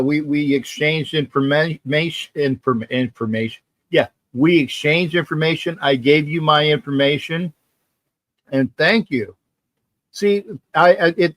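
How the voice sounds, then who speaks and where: Man hosting a fan livestream, slow and rambling, repeats and restarts himself, close dry sound. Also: a little high, a bit bright, no room sound. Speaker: sports talk livestream host. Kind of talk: casual live-stream chat reading viewer comments.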